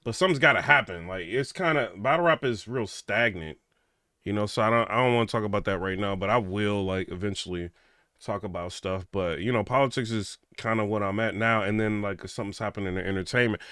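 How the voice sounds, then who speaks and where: A man's voice: lowish voice, fairly quick, pushed and bright, no room sound, studio quality. A man hosting a late-night casual reaction stream, chatting loosely, reading viewer comments aloud and laughing often.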